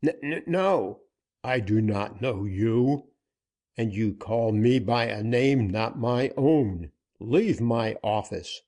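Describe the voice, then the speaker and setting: A man's voice: lowish voice, slow pace, dark tone. A man voicing a frightened male banker and former outlaw, stammering and pleading as he is cornered. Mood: panicked. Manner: stammering, pleading, rising in panic.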